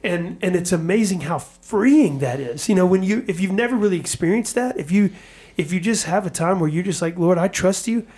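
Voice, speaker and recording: A man hosting a church podcast, talking in a reflective, halting way with many restarts. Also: sits high, lively intonation, darkish tone. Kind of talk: casual chat.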